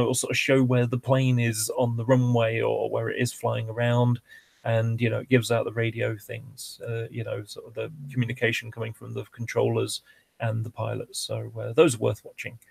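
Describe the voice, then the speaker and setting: A man with a gravelly voice at middle pitch, talking as a livestream guest and explaining airliners in a loose, rambling way. He fills his sentences with restarts and "you know"s, and he sounds close to the mic in a dry room. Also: dry recording. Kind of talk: casual livestream chat.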